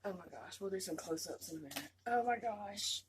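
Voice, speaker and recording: A woman unboxing a doll on her vlog, gushing with repeated exclamations and drifting into soft murmurs. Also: medium pitch, animated, fairly quick, noisy background. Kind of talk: casual excited unboxing chat.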